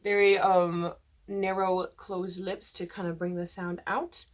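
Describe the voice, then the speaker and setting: This is a patient, instructional lesson from a woman voice teacher, delivered unhurriedly in a lowish, level voice. She covers diction rules for church cantors and illustrates vowel shapes by singing them.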